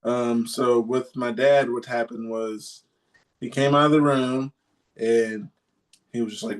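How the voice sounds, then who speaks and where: A man's voice: medium pitch, fairly even intonation, slow. A man in a podcast chat, telling a story in a rambling way with many ums and restarts. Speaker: podcast guest or co-host.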